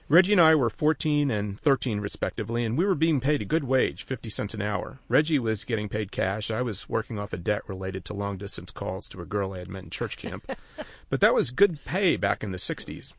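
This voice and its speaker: An older man tells a story on the radio with wry, dry humor. His voice is gravelly, and it sounds close and dry. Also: medium pitch, no echo. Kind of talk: personal storytelling.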